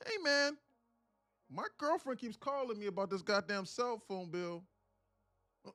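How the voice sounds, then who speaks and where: A man putting on a whiny broke viewer voice. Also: no echo. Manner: whiny, yelling, high-pitched. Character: frantic broke male viewer, demanding trades.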